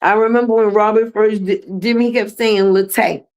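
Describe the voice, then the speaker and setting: A woman's voice: mid-range voice, steady tone, normal speed, a little mellow. A middle-aged woman hosting a livestream, talking in a blunt, profane, sassy way as she comments and chats with viewers. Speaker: livestream host.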